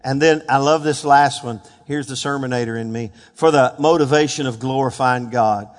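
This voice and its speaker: A man preaching a sermon, fervent, building to shouted peaks and asking the congregation questions. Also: medium pitch, moderate pace. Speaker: pastor. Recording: long hall reverb.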